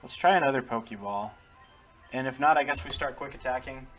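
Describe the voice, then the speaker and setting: A man's voice: medium pitch, fairly quick, fairly bright tone, faint music behind. A man casually commenting while he plays a video game, chatty, laughing often and talking to the characters on screen. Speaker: gaming channel host. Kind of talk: casual let's-play commentary.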